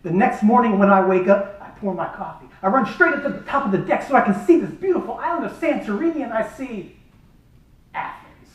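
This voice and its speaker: A man delivering a funny storytelling speech with a very animated, lively pitch. He sounds a little distant, caught from across an echoey event hall. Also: brisk. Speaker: speaker at a charity event.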